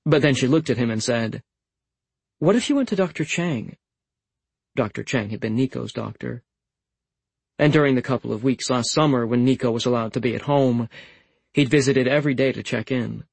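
A man reading a literary audiobook in a calm, understated way. His voice is husky, with a gravelly fry at the ends of phrases. The sound is close and completely dry. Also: mid-range voice, brisk, dry recording, low-quality recording. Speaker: audiobook narrator. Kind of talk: scripted literary narration.

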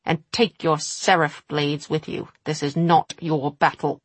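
A woman's voice: low-pitched, flat delivery, measured pace, slightly rough, no room sound. A woman voicing a cold, menacing female villain in a storybook, silky and threatening.

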